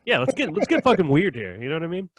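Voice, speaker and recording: Man hosting a podcast, rapid-fire storyteller, dry close sound. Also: a little high, wildly swooping pitch, no echo. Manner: rambling, laughs often, acts out quotes. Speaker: podcast host. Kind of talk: casual chat, storytelling.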